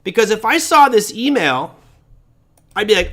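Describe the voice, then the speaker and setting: A man hosting a live online crypto trading class, chatty and energetic, reading viewer comments aloud while sharing his screen. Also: sits high, normal speed, pauses often.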